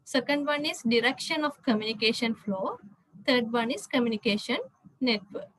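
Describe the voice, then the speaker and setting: A woman's voice: on the high side, moderate pace, poor audio. A woman giving a slide lecture, hesitant, with frequent "uh" fillers and word restarts.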